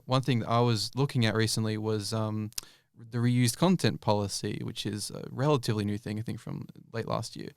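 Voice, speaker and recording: A man's voice: fairly low pitch, smooth, dry recording, studio quality. A young man answering interview questions casually, rambling with many fillers and restarts. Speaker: YouTube creator guest.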